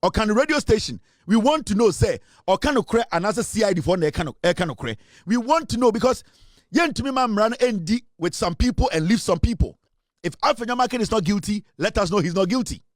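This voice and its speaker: A Ghanaian political commentator delivers fiery news commentary in a high, ringing voice, emphatic, forceful, expressive and fairly quick. He moves freely between English and Twi, and the recording is close and dry with no echo or room sound.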